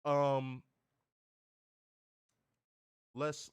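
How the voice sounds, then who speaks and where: A man's voice: fairly high pitch, big pitch swings, moderate pace, fairly bright tone, no room sound. A man co-hosting a wrestling review show, ranting in casual, profane talk and repeating words as he gets heated. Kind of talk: casual podcast rant.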